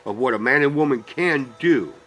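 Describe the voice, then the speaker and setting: A middle-aged man delivers a heated, profane rant straight to his viewers. His voice is bright and forward, and he talks bluntly, often swearing for emphasis. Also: mid-range voice, lively intonation, moderate pace. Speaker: vlogger. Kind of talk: ranting personal monologue.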